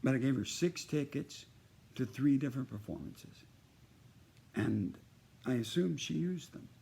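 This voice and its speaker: A man's voice: mid-range voice, animated, measured pace, vocal fry, dark tone, breathy edge. An older man telling a rambling personal anecdote to one listener in a casual birthday message, jumping from one story to the next. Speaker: performer sending a birthday message.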